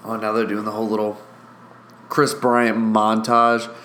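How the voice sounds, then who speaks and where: A young man hosting a casual solo podcast, excitable and profane, rambling through mock play-by-play into a studio mic with a pop filter. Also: on the low side, unhurried, slight background noise. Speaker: podcast host.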